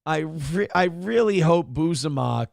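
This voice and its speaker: A slow, gravelly man hosts a casual morning show. He rambles, thinks out loud and swears freely. His voice sits a bit high for a man and sounds dry and close to the mic. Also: lively intonation, no echo. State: a little out of breath. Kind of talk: casual live-stream chat.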